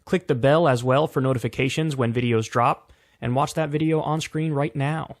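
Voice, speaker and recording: A man's voice: medium pitch, fairly even intonation, moderate pace, no room sound, clean studio sound. A man hosting a political commentary show, ranting angrily and emphatically with lots of profanity.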